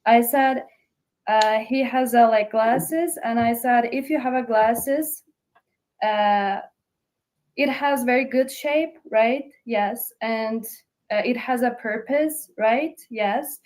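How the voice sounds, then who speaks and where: A woman's voice: fairly high pitch, slow pace, a little mellow. A woman in a casual online debate, speaking hesitantly with many fillers while she tells an anecdote. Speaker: participant in online discussion. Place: online voice chat room.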